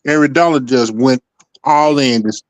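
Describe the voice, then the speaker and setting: A man co-hosting a casual sports debate, animated and teasing toward the others. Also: mid-range voice, measured pace. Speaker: sports show co-host.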